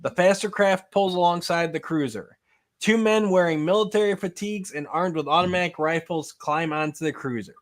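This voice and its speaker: A podcast host with a high male voice reads a choose-your-own-adventure book aloud at a moderate pace. He keeps it casual, laughing between lines.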